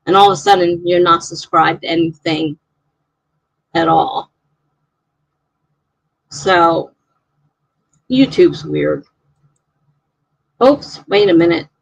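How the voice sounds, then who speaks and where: A woman's voice: mid-range voice, vocal fry, no echo, rough recording. A woman hosting a live stream, chatting casually and reading out viewer comments in a rambling way.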